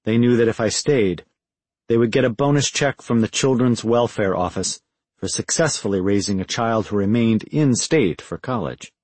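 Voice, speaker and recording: A man reading a first-person audiobook in a measured, reflective way. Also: on the low side, a little mellow, no room sound. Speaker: audiobook narrator.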